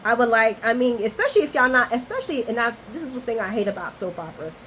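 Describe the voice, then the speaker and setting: A woman hosting a casual soap opera recap, chatty, expressive and candid. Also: on the high side, fast talker, slight background noise, poor audio.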